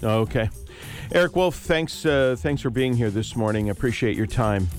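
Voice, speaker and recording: A man hosting a public radio morning talk show, measured and friendly, asking questions with small fillers. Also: medium pitch, lively intonation, faint music behind.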